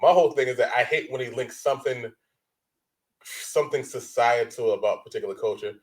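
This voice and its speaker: A man's voice: medium pitch, fairly quick, low-quality recording. A man co-hosting a reaction show, talking casually with lots of swearing and acting out voices. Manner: animated, swears a lot, acts out quoted voices.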